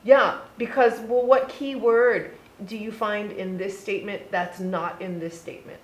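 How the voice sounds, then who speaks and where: A woman's voice: mid-range voice, steady tone, measured pace. A woman helping a student through a reading lesson. She asks questions and encourages the answers. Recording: echoey room with faint noise.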